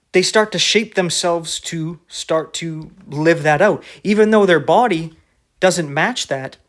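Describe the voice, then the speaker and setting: A man preaching in a casual, conversational sermon, often restarting his phrases. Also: fairly high pitch. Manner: conversational, with many restarts and filler words.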